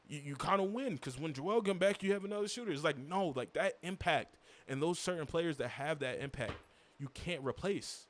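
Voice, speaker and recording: A young man venting alone about his team, his voice sitting a little high. He rambles and circles back, repeating phrases as his frustration builds. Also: moderate pace. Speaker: basketball commentator and fan. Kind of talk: casual solo recap.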